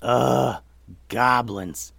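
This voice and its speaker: A battle-worn, impatient warrior, voiced by a man, growls and blusters at full volume. He is a gruff figure from a children's story podcast. The recording is dry and close. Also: mid-range voice, moderate pace, bright, forceful tone, no room sound.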